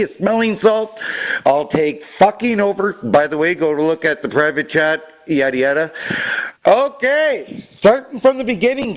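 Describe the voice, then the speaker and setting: A man's voice: sits high, fairly bright tone. A man calling in to a sports postgame show, ranting fired-up and rambling, swearing constantly. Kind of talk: profane ranting sports talk.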